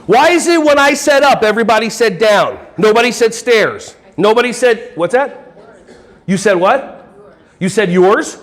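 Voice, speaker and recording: A man's voice: sits high, lively intonation, moderate pace. A man giving a playful workshop talk to a live audience, joking and quizzing the crowd. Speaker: conference presenter.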